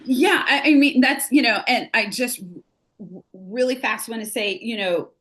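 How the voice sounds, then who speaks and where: A middle-aged American woman who works as a grief recovery specialist speaks gently in a casual podcast conversation. Her voice is fairly high and her pace moderate, and she explains things earnestly, acting out examples.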